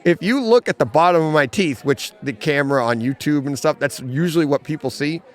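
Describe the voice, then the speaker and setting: A man co-hosting a casual podcast chat in a comic book store, an animated storyteller who laughs at his own jokes. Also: fairly high pitch, brisk, a faint crowd. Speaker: podcast co-host.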